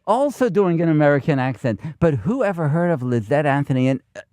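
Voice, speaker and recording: A man with a slightly high voice speaks as a podcast guest, eager and rambling, quoting lines as he talks. The recording is dry and close-miked. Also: animated, fast, darkish tone, no room sound. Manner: eager, rambling, quotes scenes. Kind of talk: enthusiastic film talk.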